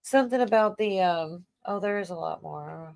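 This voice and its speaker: A woman host chatting casually on a late-night livestream, wandering from point to point with lots of ums and likes and frequent laughter. Her voice sits a bit low and the sound is close and dry. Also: normal speed, creaky, a little mellow, no room sound. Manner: rambling, laughs often, many fillers. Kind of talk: casual chat.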